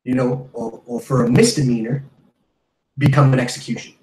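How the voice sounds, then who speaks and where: A man's voice: mid-range voice, fairly even intonation, normal speed, darkish tone, reverberant, rough recording. A man on a podcast ranting casually, heated and profane, rambling with restarts. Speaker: podcast host. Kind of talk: casual rant.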